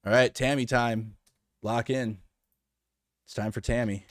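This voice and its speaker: A man's voice: medium pitch, fairly even intonation, measured pace, no echo, studio quality. A man giving casual, sarcastic reaction commentary on political news, rambling with frequent restarts.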